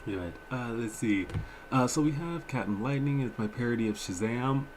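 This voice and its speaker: A man's voice: medium pitch, normal speed, darkish tone, slight background noise, poor audio. A young man hosting a livestream, chatting casually in a rambling, emotional, slangy way. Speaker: livestream reaction host.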